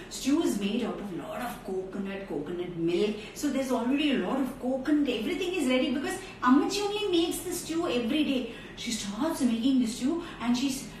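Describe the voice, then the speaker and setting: A woman telling a story to children in an animated, direct way, streamed live from a phone. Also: fairly high pitch. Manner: animated, talks straight to children. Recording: echoey room, far from mic, faint noise.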